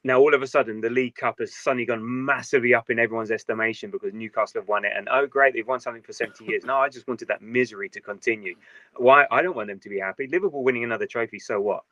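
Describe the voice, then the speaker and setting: A man talking football in casual podcast chat, animated and sarcastic, often breaking into laughter. His voice is dry and close, with a dull, lo-fi sound. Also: medium pitch, very fast, dry recording.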